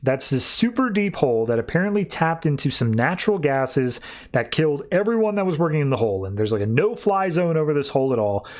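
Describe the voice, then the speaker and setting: A man hosting a podcast, casually recapping a comic book with animated storytelling. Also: a little high, fast talker. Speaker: podcast host.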